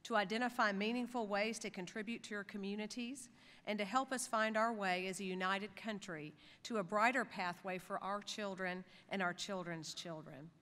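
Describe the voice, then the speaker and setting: A woman addressing graduates at a commencement ceremony in a large hotel ballroom, speaking formally and warmly through a podium microphone. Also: medium pitch, moderate pace. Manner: formal, encouraging, turns lively and playful with the crowd. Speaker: university chancellor addressing graduates. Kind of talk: commencement speech. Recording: reverberant ballroom over PA.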